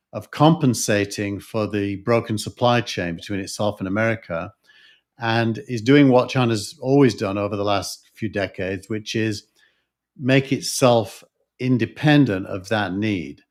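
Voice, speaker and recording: A man with a Yorkshire accent co-hosts a casual discussion, his voice sitting on the low side. He thinks aloud, pausing on fillers and circling back to restart his sentences. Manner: thoughtful, hesitant with frequent fillers and restarts. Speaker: podcast co-host.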